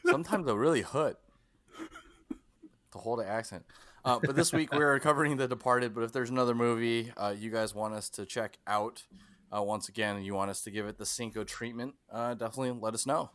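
A man's voice: medium pitch, steady tone, quick pace, fairly bright tone, no room sound. A man hosting a casual podcast, laughing and stumbling over his words as he talks. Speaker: podcast host. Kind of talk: casual chat.

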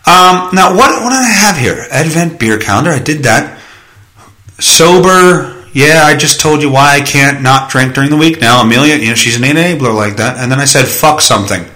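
A man's voice: mid-range voice, moderate pace, sharp tone, roomy sound, poor audio. A man hosting a casual solo podcast, rambling and joking with frequent swearing. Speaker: podcast host.

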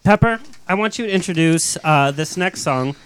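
Bright, animated male host. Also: a little high, normal speed, smooth. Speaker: show host. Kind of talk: improv comedy scene.

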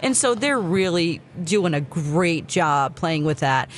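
A woman on a morning radio show, enthusiastically thinking out loud in casual chat. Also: sits low, animated, slow, slight background noise.

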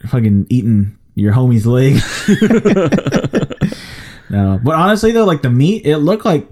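A man's voice: mid-range voice, big pitch swings, slow pace, a little mellow, slight background noise. A young man co-hosting a podcast, telling stories in a loose, rambling way full of fillers. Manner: rambling, filler-heavy storytelling. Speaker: podcast co-host. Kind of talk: casual chat.

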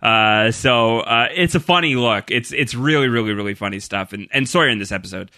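A man's voice: mid-range voice, brisk, sharp tone, no room sound, clean studio sound. A man co-hosting a podcast, chatting casually and recapping TV scenes with many fillers. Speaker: podcast co-host. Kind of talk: casual chat.

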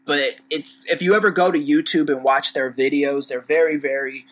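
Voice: mid-range voice, steady tone, moderate pace, low-quality recording. A podcast host giving a casual commentary rant, blunt and profane, with sarcastic asides and frequent restarts. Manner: rambling with restarts.

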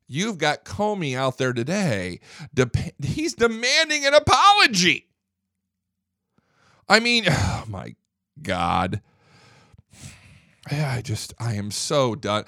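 A man's voice: fairly high pitch, wildly swooping pitch, takes it slowly, pauses often, sharp tone, dry recording. A man hosting a political talk radio show, talking in a heated and emphatic way and often repeating himself at a studio microphone.

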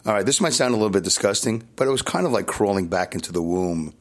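This podcast host, a Brooklyn-accented New Yorker, talks fast in a lowish voice with lively intonation. Alone in a hotel room, he gives a casual monologue that wanders, mocks himself, and keeps restarting and veering into asides.

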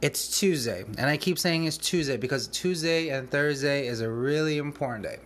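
On a casual podcast, a restaurant back-of-house manager with a highish, moderately paced, fairly bright voice recounts a mishap at work. Still shaken and anxious, he rambles, restarts sentences, and laughs nervously.

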